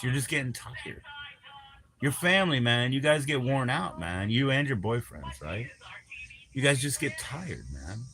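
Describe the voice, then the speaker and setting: Male streamer, bright edgy voice, rambling and foul-mouthed, teases his viewers off the cuff. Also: mid-range voice, expressive, moderate pace, slight background noise. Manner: crude, rambling, teasing, swears constantly. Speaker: livestream host. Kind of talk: rambling live-stream chat.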